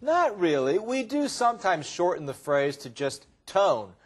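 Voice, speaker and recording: A man's voice: high-pitched, very animated, unhurried, breathy edge. A man explaining English phrases patiently in a scripted teaching dialogue. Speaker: English lesson dialogue partner.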